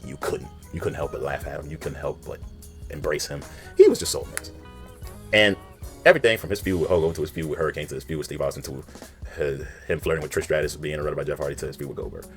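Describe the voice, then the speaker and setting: A young man giving casual countdown commentary, recapping storylines in a rapid, animated way with plenty of slang. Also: extremely low pitch, faint music behind. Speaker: video creator.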